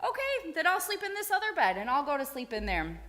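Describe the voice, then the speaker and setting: Woman doing a stubborn little prince who thinks he's a rooster, bright tone, reverby room. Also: high-pitched, sing-song, a little fast, exaggerated voice. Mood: matter-of-fact. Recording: echoey hall.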